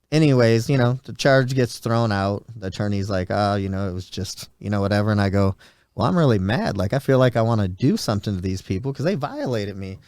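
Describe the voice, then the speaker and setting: A man's voice: fairly low pitch, darkish tone, dry recording, studio quality. A podcast host in his forties telling a story in a rambling, casual way and acting out the voices of people he quotes. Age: 40s. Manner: rambling, acts out quoted dialogue.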